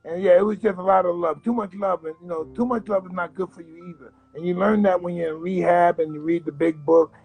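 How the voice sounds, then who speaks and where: A man in his fifties from the United States, a guest in an interview, telling blunt, animated stories and acting out other people's voices. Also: high-pitched, fast talker, creaky, hardly any pauses, muffled recording. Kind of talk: candid interview storytelling.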